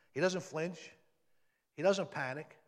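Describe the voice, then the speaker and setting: A man delivers a sermon from the pulpit, his voice sitting a little high. He speaks conversationally, then leans hard on key words. The church hall carries a long reverb behind him. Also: slow pace. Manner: conversational preaching with emphatic rises. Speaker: pastor.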